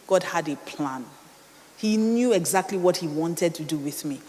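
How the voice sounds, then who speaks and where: A woman's voice: lowish voice, lively intonation, moderate pace, warm tone. A middle-aged woman with a Nigerian accent, telling a personal story in a dramatic sermon style full of rhetorical questions. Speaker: speaker. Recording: reverberant hall.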